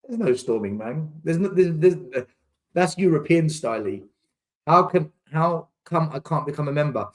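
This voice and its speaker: Exasperated fan ranting, slightly high. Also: male voice, lively intonation, moderate pace. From England. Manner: exasperated ranting, repeats words for emphasis. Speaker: fan channel host reading live chat. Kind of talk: casual live watchalong chat.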